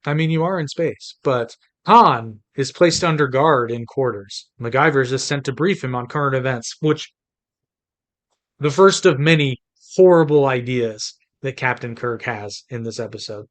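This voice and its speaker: A man's voice: medium pitch, moderate pace. A man from the United States co-hosting a podcast in casual chat, chatty and rambling with frequent restarts. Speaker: podcast co-host.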